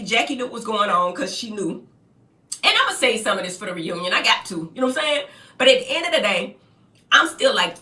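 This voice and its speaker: A middle-aged woman telling a story in a blunt, animated, profane way, straight to the viewer. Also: a little high, distant mic. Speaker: reality TV personality. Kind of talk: casual storytelling to camera. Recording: echoey room, voice a bit off-mic.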